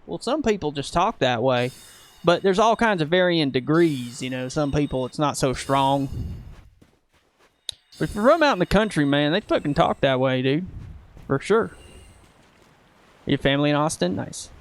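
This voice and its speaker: A man's voice: a little high, moderate pace. A young man from Texas chatting casually and joking with profanity while playing a game. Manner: joking, profane, laid-back. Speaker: gaming streamer. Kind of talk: casual chat while gaming.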